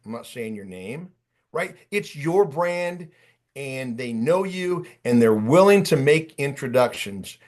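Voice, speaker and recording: A man in his late fifties running an online job-search workshop, talking in an animated, chatty way and calling on attendees by name. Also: mid-range voice, slow. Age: 50s. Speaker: workshop coach. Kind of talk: energetic online workshop talk.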